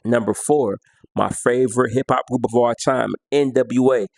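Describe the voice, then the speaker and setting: A man's voice: mid-range voice, steady tone, normal speed, vocal fry, a little mellow, dry recording. A man counting down his favorite songs in a casual, slangy way, half-singing lyrics and beats as he goes. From United States. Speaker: music vlogger.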